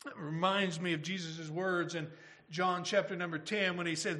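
Male pastor, high bright voice, earnest preaching with rhetorical questions. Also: fairly even intonation, moderate pace. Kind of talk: sermon.

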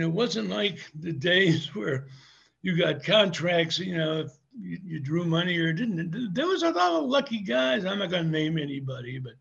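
Gravelly older man telling wrestling stories. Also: high voice, muffled recording. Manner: rambling, animated anecdotes with laughs. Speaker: former wrestler, guest. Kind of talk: casual interview storytelling.

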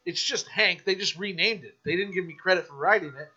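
A man guesting on a podcast, telling a story in a casual, animated, profane rant. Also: high-pitched, a little fast, slightly rough, highs cut off.

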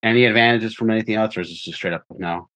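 A man playing a tabletop game, speaking haltingly and repeating words. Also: lowish voice, fairly bright tone. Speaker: player. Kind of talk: casual tabletop game play.

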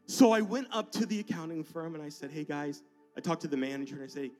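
High-voiced preacher, emotional. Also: male voice, expressive, quick pace, soft background music. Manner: emotional, swinging between soft asides and loud declarations. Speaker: pastor. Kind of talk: sermon with personal storytelling. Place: church.

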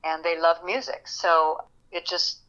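Older woman reminiscing with bright energy. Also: lowish voice, a little slow, highs cut off. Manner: animated, reminiscing, laughs often. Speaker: actress guest. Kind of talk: interview storytelling.

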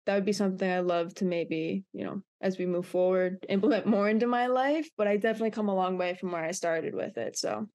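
A woman's voice: medium pitch, fairly quick, hardly any pauses. Earnest young woman podcast co-host. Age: young adult. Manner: earnest, reflective, animated when recounting. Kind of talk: casual podcast chat.

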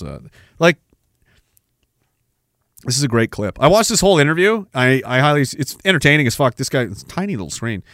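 A man's voice: medium pitch, a bit bright, dry recording, clean studio sound. A man hosting a podcast, ranting about the news in a sarcastic, profane, casual way. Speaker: podcast host. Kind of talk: casual political commentary.

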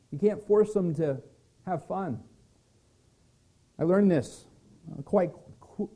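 A male pastor delivering a sermon in an earnest, gentle way. His voice sits a bit high for a man yet sounds mellow and warm. He now and then restarts a word as he speaks.

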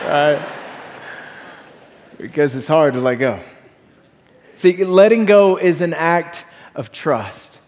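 A man preaching a sermon as pastor, energetic and telling stories with voiced quotes. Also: on the high side, drawn-out words, long pauses, long reverb tail. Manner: energetic, storytelling with acted quotes.

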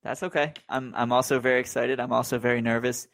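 A man's voice: mid-range voice, level tone, fast talker, creaky, a bit bright, no room sound. A man hosting a casual sports podcast, talking in an easygoing way as he wraps up the show. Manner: easygoing, brings the show to a close. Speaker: podcast host.

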